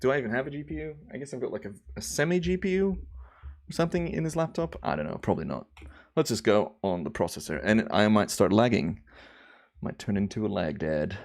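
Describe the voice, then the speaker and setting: Male streamer, young, easygoing rambling chat, lowish voice. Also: fairly quick. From Australia. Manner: relaxed, rambling, chatty with viewers. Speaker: livestream host. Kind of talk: casual livestream chat.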